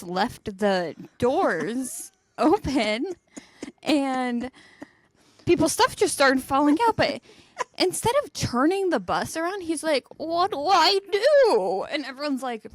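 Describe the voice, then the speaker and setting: A woman's voice: high voice, unhurried, no room sound. Young woman telling stories with laughs. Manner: animated storyteller, laughs mid-sentence. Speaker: podcast co-host. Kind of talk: casual chat.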